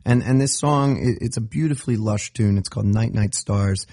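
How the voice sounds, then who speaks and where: A man hosting an interview, asking measured questions with some restarts. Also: fairly low pitch, dark tone, no room sound, clean studio sound. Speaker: radio host.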